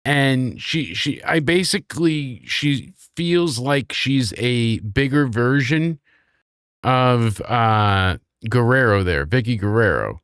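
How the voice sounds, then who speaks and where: A man hosting a casual wrestling review chat, rambling through animated recaps and dropping quick impressions of the people he describes. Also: medium pitch, clean tone, dry recording, studio quality. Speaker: wrestling show reviewer, host.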